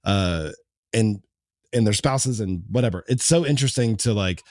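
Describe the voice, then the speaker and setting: A man's voice: fairly low pitch, moderate pace, darkish tone, dry recording, studio quality. A man co-hosting a film podcast, chatting casually and rambling with many fillers and restarts. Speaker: podcast co-host.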